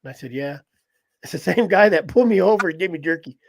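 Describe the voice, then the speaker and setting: Talking fast in a high, gravelly voice, a podcast host tells a story conversationally. He's animated and laughs frequently, acting out people's words in character.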